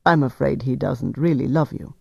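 A smooth, calculating officer questions a prisoner in a gentle, coaxing tone, as a man reading a novel puts him on. The voice is mellow and dark, recorded dry and slightly dull. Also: mid-range voice, lively intonation, moderate pace, no echo, full character voice. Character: cool, calculating male officer interrogator.

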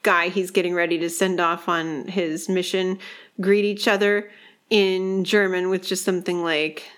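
Chatty woman with a lowish voice. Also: flat delivery, a little slow, fairly bright tone, clear, resonant tone. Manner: chatty, peppered with "like", critical. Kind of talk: casual movie discussion chat.

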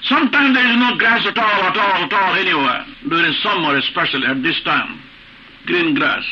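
Male preacher, high piercing voice, repetitive emphatic delivery, dull lo-fi tape with light hiss. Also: brisk, pushed and bright. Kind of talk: sermon. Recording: muffled old recording with faint hiss.

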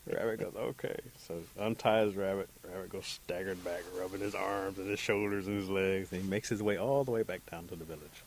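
A man telling a folktale aloud as a storyteller, animated and voicing each character. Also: deep voice, fairly quick, few pauses, a little hiss or hum.

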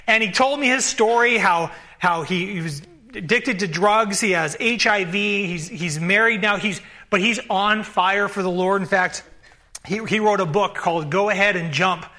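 A man's voice: high-pitched, moderate pace, bright, forceful tone. A man pastor preaching a sermon in a conversational storytelling manner.

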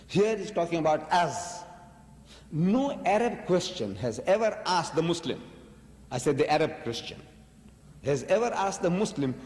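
A man's voice: on the high side, darkish tone. Emphatic man lecturing in a reverberant hall. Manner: emphatic, rhetorical questions. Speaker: religious lecturer. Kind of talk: public religious lecture.

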